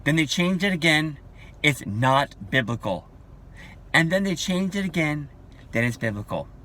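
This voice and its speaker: Slow, emphatic ranting man in his forties. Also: fairly high pitch, bright, forceful tone. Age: 40s. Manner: emphatic, repetitive, combative. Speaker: vlogger. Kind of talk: ranting vlog monologue.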